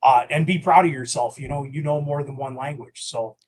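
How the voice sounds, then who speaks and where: A man's voice: medium pitch, brisk, a little hiss or hum. A man who represents the test organisation, answering in a reassuring, easygoing way with many fillers. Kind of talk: webinar Q&A.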